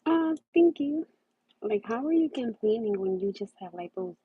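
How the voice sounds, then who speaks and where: A woman's voice: fairly high pitch, lively intonation, moderate pace, slightly rough, dry recording. A young woman hosting a casual livestream, rambling and repeating herself as she talks. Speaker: livestream host. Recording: muffled lo-fi livestream audio.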